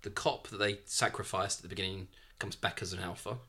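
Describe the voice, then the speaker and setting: A man's voice: low voice, fairly even intonation, fairly quick, pushed and bright, breathy edge. A man in a casual conversation, animatedly picking apart a film's logic and asking rhetorical questions. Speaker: podcast co-host. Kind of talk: casual film discussion.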